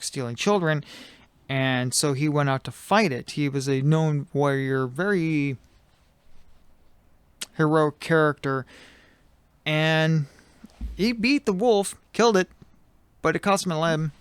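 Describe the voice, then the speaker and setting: Guy chatting on a podcast, smooth voice, dry close mic, loose and jokey, lots of ums. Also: on the high side, no room sound. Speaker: podcast co-host. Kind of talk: casual chat.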